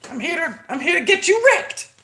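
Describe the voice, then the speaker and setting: A man's voice: extremely high pitch, sing-song, brisk, bright, forceful tone, slight background noise, voice pushed up, exaggerated voice. A man voicing a chirpy, mock-friendly tub of bad protein powder that threatens your gut. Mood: mock cheerful. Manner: cheery, mock-friendly menace.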